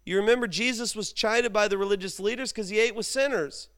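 A man's voice: sits high, brisk, a bit bright, smooth. A man preaching a sermon in an informal, chatty way, telling stories and making asides to his congregation. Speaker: pastor. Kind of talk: conversational sermon.

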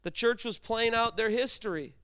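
A man's voice: very high voice, moderate pace, sharp tone, clear, resonant tone. A middle-aged man preaching a sermon in a conversational way, acting out bits of dialogue and pushing his voice up for emphasis. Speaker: pastor.

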